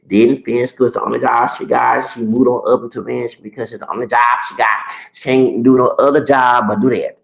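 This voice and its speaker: A man's voice: mid-range voice, gravelly, echoey room, dull audio. A man in his late thirties telling a personal story in a sassy, profane rant full of restarts. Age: late 30s. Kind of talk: ranting casual storytelling.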